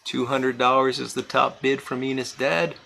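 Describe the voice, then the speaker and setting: A man's voice: medium pitch, flat delivery, normal speed, creaky, pushed and bright, rough recording. A man hosting a casual live-stream charity auction, chatting and reading out bidders and their bids. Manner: chatty, reads out bidders and amounts. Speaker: livestream charity auction host.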